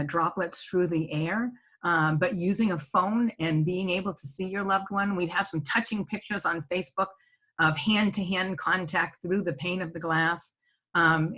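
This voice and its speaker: Woman, middle-aged, husky, lowish voice, conversational webinar talk, at home on a video call. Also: fairly bright tone. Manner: conversational, tags points with "right?". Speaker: senior living presenter. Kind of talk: webinar presentation. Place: home office.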